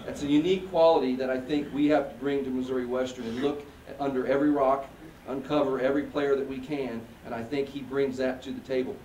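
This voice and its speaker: A man's voice: mid-range voice, fairly even intonation, quick pace, mellow, a little hiss or hum. Man speaking from far off in an echoey room. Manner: folksy, with many fillers and thank-yous. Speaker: athletic director introducing a coach. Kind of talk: press conference speech. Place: press conference room. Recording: roomy echo, voice from far off.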